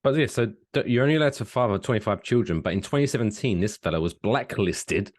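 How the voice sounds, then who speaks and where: A man, co-hosting a casual podcast, telling stories with lively, swooping emphasis. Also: fast. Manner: animated storytelling, swooping pitch, laughs while talking. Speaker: podcast co-host.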